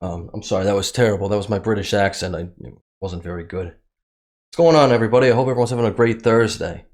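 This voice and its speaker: A man's voice: lowish voice, racing. Sarcastic man commenting on the news. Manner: mocking, reads news excerpts aloud. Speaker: commentary vlogger.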